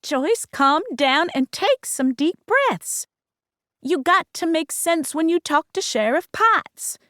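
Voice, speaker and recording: A shrill, commanding older mother, anxious and bossy, as a woman narrator puts her on. Her voice rises well above the narrator's own and hands out orders, recorded close and dry. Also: expressive, slow, a bit bright, no echo, exaggerated voice.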